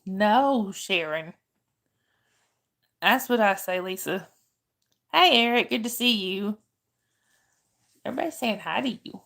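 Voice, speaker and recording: Taking it slowly with long pauses, a middle-aged woman hosts a casual livestream in a medium-pitched, slightly bright voice with vocal fry and lively intonation. She's chatty, greets viewers by name, and answers questions from chat.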